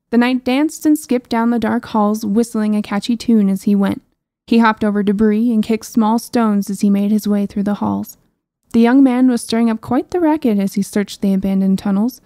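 A woman narrates a fantasy audiobook in a warm, mellow voice. Her delivery is even and storybook-like, with dry, wry asides. The sound is close and dry. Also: medium pitch, no room sound. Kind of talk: scripted narration.

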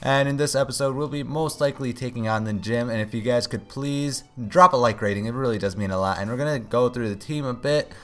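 Excitable man narrating his gameplay. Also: mid-range voice, fairly quick, few pauses. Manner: excitable, groans and pleads at the game. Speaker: let's play host. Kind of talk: casual gameplay commentary.

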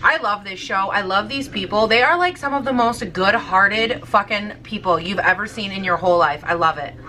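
Bright-voiced woman vlogger, rambling and cursing. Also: medium pitch, normal speed, slight background noise, rough recording. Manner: rambling, swears a lot, heavy use of "like". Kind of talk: casual chat.

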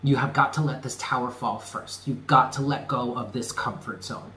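A man giving a spoken tarot reading, earnest and emphatic, often repeating himself and dropping low on key words. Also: fairly even intonation, moderate pace, pushed and bright, roomy sound. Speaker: tarot reader.

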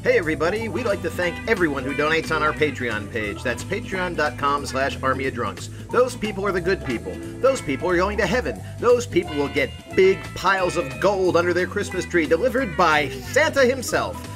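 A man's voice: a little high, very animated, brisk, few pauses, over music. A man hosting a casual drinking podcast, jokey and rambling, mock-pleading when he plugs the show. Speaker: podcast host.

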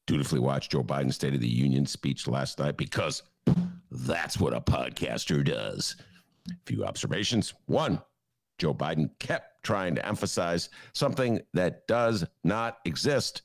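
A man's voice: very deep voice, lively intonation, moderate pace. A man hosting a political podcast from his attic, riffing in a sarcastic, ranting way. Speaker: podcast host and newspaper columnist. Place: home attic.

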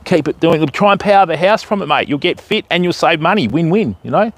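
A man's voice: fairly high pitch, lively intonation, fairly quick, no echo. An Australian man hosting a fishing livestream outdoors, chatting casually and joking with viewers. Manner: jokey, chatty, greets viewers by name. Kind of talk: casual live-stream chat. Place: outdoors by a river.

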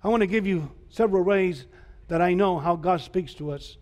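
Man pastor preaching, high voice, lots of "what?" questions, long echo in the church. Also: normal speed, a little mellow. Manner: emphatic preaching with repeated rhetorical questions. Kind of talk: sermon. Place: church sanctuary. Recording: church hall reverb.

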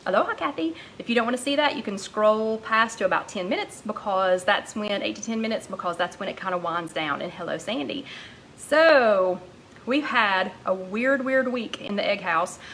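Woman host, casual rambling live chat, mid-pitched voice, faint room noise. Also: animated, normal speed, a bit bright, poor audio. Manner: chatty, rambling, greets viewers by name. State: out of breath.

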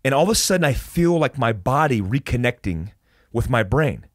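A man's voice: mid-range voice, moderate pace, no echo, clean studio sound. A man from the United States telling a wild story as a podcast guest, swearing a lot and restarting sentences. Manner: animated, heavy swearing, restarts. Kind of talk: casual storytelling interview.

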